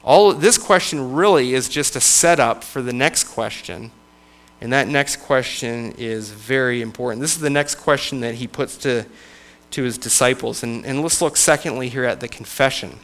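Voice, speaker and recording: A man, a church elder, preaching a sermon in a conversational, halting way with frequent restarts. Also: mid-range voice, fairly bright tone.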